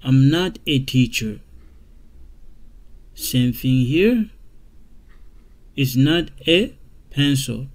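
A man of middle pitch gives a basic English grammar lesson. He talks very slowly, repeating each example sentence and dropping in fillers and quick checks like "okay?" as he goes. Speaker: English teacher. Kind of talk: slow classroom grammar lesson.

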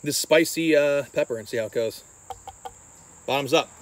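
A man's voice: a little high, moderate pace. A man hosting a casual gardening vlog, joking and swearing as he talks to his viewers. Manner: joking, swears, addresses chat. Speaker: vlog host. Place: home garden outdoors. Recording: outdoor noise, crickets and birds. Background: crickets and birds.

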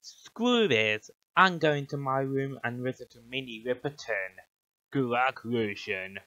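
A man's voice: medium pitch, lively intonation, measured pace, bright, forceful tone, muffled recording, slight background noise. A man voicing a rude, bossy cartoon twin boy who reacts bluntly and indignantly in a fan dub. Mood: fed up.

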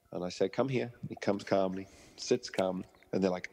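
A man's voice: low-pitched, fairly quick, warm tone, big-room sound. A man, a dog trainer being interviewed, who explains through stories and analogies and acts out the people he quotes. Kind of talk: interview conversation.

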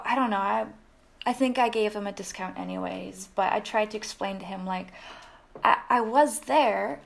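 Chatty young woman with a gravelly edge. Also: medium pitch. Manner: chatty, many fillers and restarts. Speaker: wedding photographer. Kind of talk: casual storytelling vlog.

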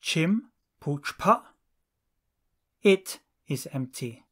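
A language teacher working through lesson drills at a very slow, careful pace. Each short phrase is set apart and clearly spoken, one after another, in a mid-range voice. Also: medium pitch, animated, fairly bright tone.

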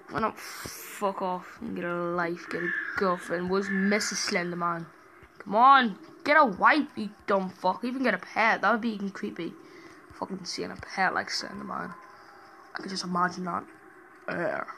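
Brief: young male gaming host, gravelly voice, swears constantly, jumpy horror let's-play energy, faint hiss behind. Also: sits high, moderate pace, sharp tone, low-quality recording. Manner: heavy swearing, rambling, easily startled into yelps.

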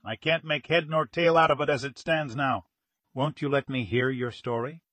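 A man voicing a gruff veteran police inspector who speaks in a firm, soothing way. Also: medium pitch, fairly even intonation, normal speed, fairly bright tone, dry recording, close to an everyday voice. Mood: determined.

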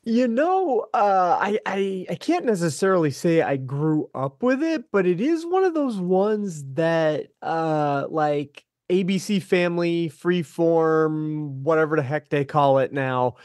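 Slow, hesitant man, slightly high voice. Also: lively intonation, a little mellow, no room sound, studio quality. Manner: hesitant, stumbling starts. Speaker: podcast guest. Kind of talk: casual chat.

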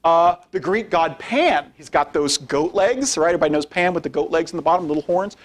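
This man, a guest speaker and philosophy professor, gives a casual slide lecture, frequently ending lines with "right?" and calling for slide changes mid-talk. He speaks a little fast in a slightly high voice.

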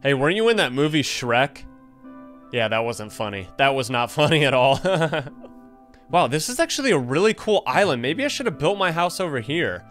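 A young man casually commenting on his own gameplay, excitable and jumpy, chatting to the animals on screen. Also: fairly high pitch, normal speed, soft background music. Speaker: gaming YouTuber. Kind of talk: casual let's-play commentary.

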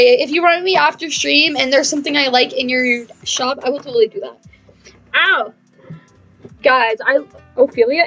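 A woman streams a game live, bubbly and chatty, reading messages aloud and thanking viewers with excited squeals. Her voice is high and gravelly, and the recording's highs are cut off.

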